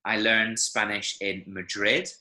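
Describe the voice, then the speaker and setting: A man's voice: on the low side, steady tone, unhurried, pushed and bright. A man teaching a Spanish class online, encouraging his students and demonstrating pronunciation aloud. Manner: encouraging, explains with spoken examples. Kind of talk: online language lesson. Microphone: video call. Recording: echoey room.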